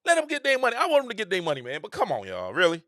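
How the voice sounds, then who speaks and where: A middle-aged man, hosting a casual opinion monologue with an animated, repetitive, preacher-like cadence. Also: high voice, rapid-fire, dry recording, clean studio sound. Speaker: host.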